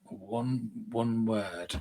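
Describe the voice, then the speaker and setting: A man co-hosting a podcast, with a deep radio-style voice, upbeat and teasing in casual chat. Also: dark tone. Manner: upbeat, teasing, quick to laugh. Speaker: podcast co-host.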